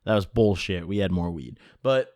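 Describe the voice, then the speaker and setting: A man's voice: low voice, normal speed, darkish tone, dry recording, studio quality. A young man telling a profane, joking story in a casual vlog. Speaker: vlogger.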